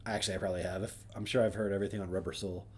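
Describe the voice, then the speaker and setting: A man's voice: low voice, flat delivery, very fast, a little mellow, breathy edge. A man hosting a casual solo stream, reading names aloud and adding wry, offhand asides. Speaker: streamer host.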